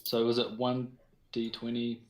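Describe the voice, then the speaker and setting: A man's voice: mid-range voice, monotone, a little slow. A man with a New Zealand accent playing a tabletop game casually, unsure and trailing off as he works out his rolls. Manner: hesitant, trailing off mid-sentence. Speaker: player. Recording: echoey room.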